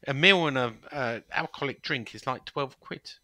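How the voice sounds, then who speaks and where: A man's voice: medium pitch, moderate pace, bright, forceful tone, no room sound. A man co-hosting a casual football chat, telling playful anecdotes. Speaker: podcast co-host.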